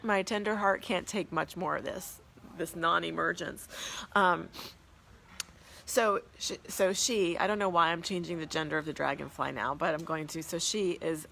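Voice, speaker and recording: A woman's voice: fairly low pitch, vocal fry, sharp tone, slight background noise. A woman hosting a spiritual live stream, telling a personal story to viewers in an earnest, reverent, awed way and reading out their comments.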